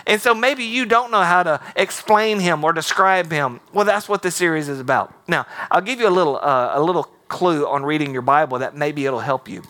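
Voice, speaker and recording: A man's voice: a little high, fairly quick, few pauses, pushed and bright. A man preaching a sermon as pastor, mixing humor and acted-out quotes into his teaching. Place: church auditorium.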